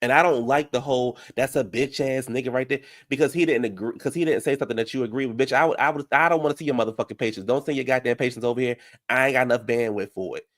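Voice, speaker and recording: A man giving brash, profane reality TV recap commentary, heated and animated. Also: medium pitch, fast talker, hardly any pauses.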